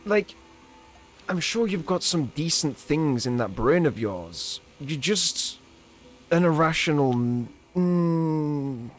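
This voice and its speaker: A man's voice: on the high side, animated, takes it slowly, faint music behind. A man live-streaming a game, commenting in a playful, joking way.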